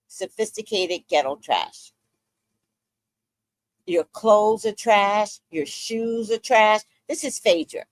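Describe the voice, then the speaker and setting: A woman's voice: mid-range voice, animated, takes it slowly, long pauses, no echo. A woman giving blunt, profane, angry celebrity gossip commentary as a show host.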